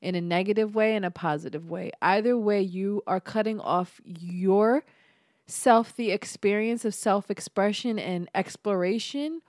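A woman's voice: mid-range voice, unhurried, a little mellow, no echo, clean studio sound. A woman guest on a podcast, chatting casually in a frank, earnest way and swearing freely. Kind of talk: casual chat.

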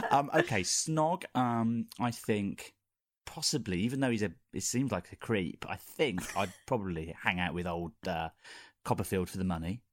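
A man's voice: on the low side, normal speed, no echo, clean studio sound. A man, a guest on a podcast, chatting casually in a jokey, self-deprecating way and laughing often. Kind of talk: casual chat.

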